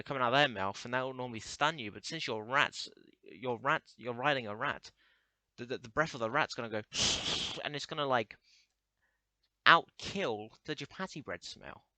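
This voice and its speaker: A man's voice: mid-range voice, sharp tone, dry recording. A young man rambling through a crude comedic monologue, stammering and restarting often.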